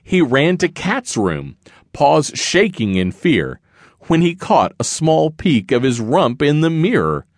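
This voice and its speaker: A man's voice: fairly high pitch, big pitch swings, takes it slowly, no room sound, clean studio sound. A man narrating a rhyming children's picture book in a sing-song read-aloud manner. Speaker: audiobook narrator.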